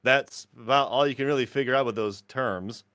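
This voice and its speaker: A man's voice: medium pitch, a little fast, fairly bright tone, clean tone, no echo, clean studio sound. A man running a tabletop game as game master, narrating scenes casually with lots of fillers and laughter. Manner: casual, laughs often, fills with "like".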